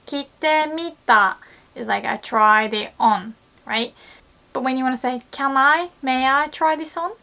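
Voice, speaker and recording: Young woman, teacher, measured delivery, playful laughs, bright acted-out quotes. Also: on the high side, creaky. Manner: laughs often, acts out lively quoted lines. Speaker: Japanese language teacher. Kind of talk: online language lesson.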